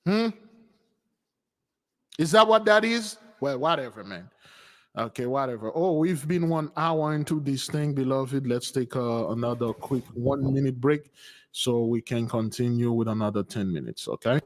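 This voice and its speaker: Heard through long reverb, a male channel host and spiritual teacher chats casually on a livestream. His pitch sits in the middle and his pace is moderate as he rambles and keeps asking his audience questions.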